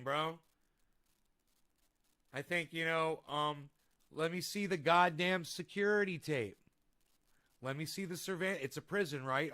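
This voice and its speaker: Sitting at a desk at home, this male vlogger talks into a desk microphone during a casual live stream. His voice sits on the high side with a sharp edge, and he wanders from topic to topic, cursing and working himself into heated rants.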